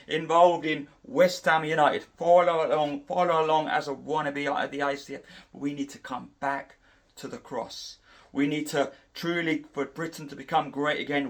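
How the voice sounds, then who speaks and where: A middle-aged man giving an impassioned preaching monologue, repeating and restarting his phrases for emphasis. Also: fairly high pitch. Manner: repetitive, emphatic, with frequent restarts. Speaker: Christian preacher.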